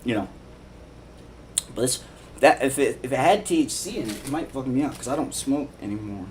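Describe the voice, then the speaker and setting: A man's voice: mid-range voice, expressive, brisk, a little hiss or hum. A man and father of three talking casually on a livestream, rambling, repeating himself, swearing and laughing. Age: adult father. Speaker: live streamer.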